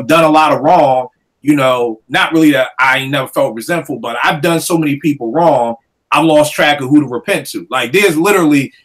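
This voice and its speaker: A man in casual chat about rap lyrics who acts out voices as he tells stories. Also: medium pitch. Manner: animated, acts out voices while telling stories.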